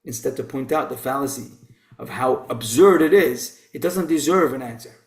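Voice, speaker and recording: A man's voice: medium pitch, normal speed. A man teaching an informal Torah class in a conversational way, posing rhetorical questions. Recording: roomy echo.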